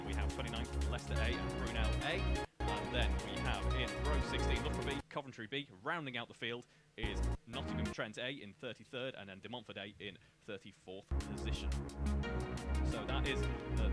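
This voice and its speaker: A man giving live commentary on a kart race from a commentary box, steadily reading out the grid order. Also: medium pitch. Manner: steady, reads out grid orders in long lists. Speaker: karting commentator.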